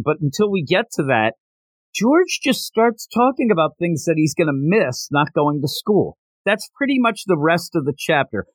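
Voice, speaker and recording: Man podcast host, lively and fairly high voice, dry close sound, acts out scenes as he retells them. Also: dry recording. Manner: animated, acts out character lines in quick voices. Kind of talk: casual chat recapping a manga chapter.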